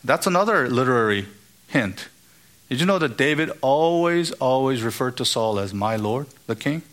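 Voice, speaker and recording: A man's voice: mid-range voice, lively intonation, normal speed, fairly bright tone. A man giving an expository Bible teaching, asking rhetorical questions and acting out the lines of the characters he quotes.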